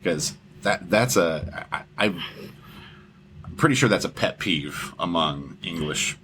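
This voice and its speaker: Deep-voiced man rambling about films. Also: expressive, unhurried, fairly bright tone, slight background noise, poor audio. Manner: rambling, repeats words, swears casually. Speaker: podcast co-host. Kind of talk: casual film discussion.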